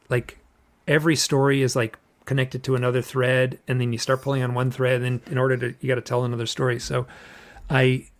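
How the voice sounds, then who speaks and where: Middle-aged man, gravelly tone, loose repetitive storytelling, casual podcast guest. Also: medium pitch. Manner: rambling, repeats phrases, acts out quotes. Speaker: podcast guest recounting an experience.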